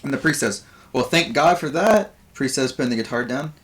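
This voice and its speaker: A man's voice: medium pitch, lively intonation, pitched above the performer's own voice, close to an everyday voice. A man voicing a lanky male bugbear stand-up comedian who tells corny puns and waits for laughs. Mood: jokey. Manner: chummy, hammy joke delivery with pauses for laughs.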